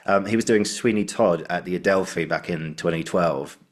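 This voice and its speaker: A man's voice: deep voice, moderate pace. A man hosting a podcast, chatting casually and telling anecdotes with acted-out quotes. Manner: chatty storyteller, acts out quoted voices. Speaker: podcast host.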